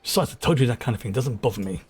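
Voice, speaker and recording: A man doing a gruff tiger warrior, bad Welsh lilt. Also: medium pitch, lively intonation. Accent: put-on bad Welsh. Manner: halting, stumbling reading.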